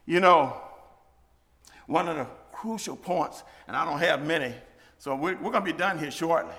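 A man preaching a sermon in a church, fervent, with shouted peaks and joking asides. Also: fairly high pitch, moderate pace. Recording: echoey hall.

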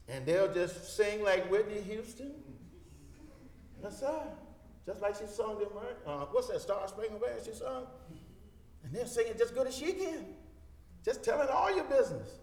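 A man preaching a sermon to a congregation, swinging between loud emphatic lines and hushed ones. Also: high voice. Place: church hall with congregation. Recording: echoey hall reverb.

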